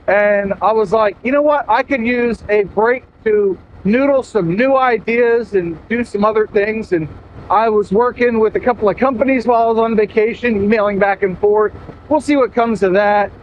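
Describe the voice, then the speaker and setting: A man's voice: extremely high pitch, poor audio. A man talking casually through a helmet mic while riding a motorcycle on rural roads, rambling and poking fun at himself. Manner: rambling, self-mocking, chatty. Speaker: motovlogger.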